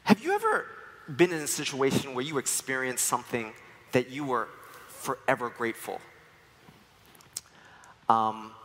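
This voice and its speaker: A man's voice: mid-range voice, pushed and bright. A man in his forties from New York giving a sermon with personal stories, told with playful humor in a church. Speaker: church speaker. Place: church sanctuary. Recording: long reverb of a church hall.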